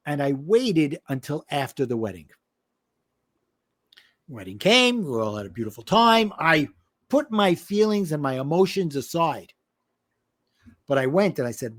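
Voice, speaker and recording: Animated middle-aged man telling a story. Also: a little high, unhurried, long pauses. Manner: animated, acts out quoted voices. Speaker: guest, life and business coach. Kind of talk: storytelling in a podcast interview.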